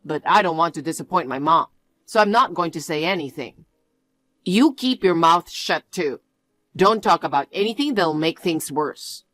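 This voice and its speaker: A woman's voice: fairly low pitch, lively intonation, normal speed, a bit bright, dry recording. Storybook read: woman playing a defensive jobless young man, dry close mic. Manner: defensive and demanding. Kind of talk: storybook narration.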